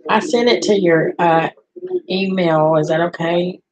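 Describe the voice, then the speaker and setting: A woman's voice: fairly low pitch, measured pace, rough recording. An older woman, a grandmother hosting a rambling, casual livestream chat with her viewers. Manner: chatty, rambling, talks to viewers and pets. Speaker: livestream host.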